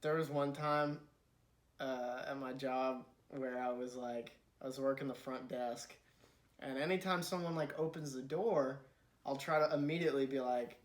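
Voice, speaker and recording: A man's voice: medium pitch, steady tone, normal speed. A young adult man co-hosting a casual chat, rambling through funny anecdotes and acting out the people in them. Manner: rambling storyteller who acts out voices in his anecdotes. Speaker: podcast co-host.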